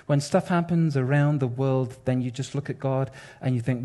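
A man preaching a sermon in an animated, wry, conversational way, addressing his congregation. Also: medium pitch, normal speed, hardly any pauses.

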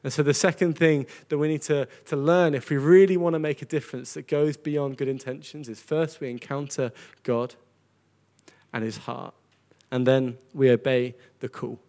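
A man's voice: mid-range voice, steady tone, moderate pace, darkish tone. A man preaching a sermon to a congregation, earnest and conversational, often repeating words as he goes. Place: church gathering with a congregation.

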